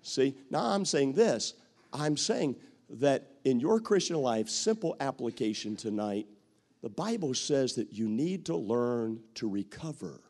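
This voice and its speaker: A middle-aged man, a pastor, preaching a sermon with strong feeling, jumping from loud calls to soft, quiet words and acting out what others say. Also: medium pitch, very animated, measured pace. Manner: emotive preaching with acted-out quotes, swings from loud to soft.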